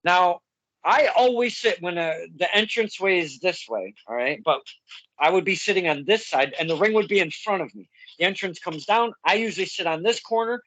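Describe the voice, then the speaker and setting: A man hosting a casual podcast interview, telling stories in a halting way as he searches for words. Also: high voice, lively intonation, fairly bright tone, no room sound, poor audio. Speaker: podcast host.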